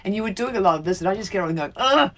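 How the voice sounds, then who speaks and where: A woman's voice: mid-range voice, racing. Chatty giggly New woman. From New Zealand. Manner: chatty, giggly, self-mocking. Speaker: co-host. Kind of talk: casual chat. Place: home.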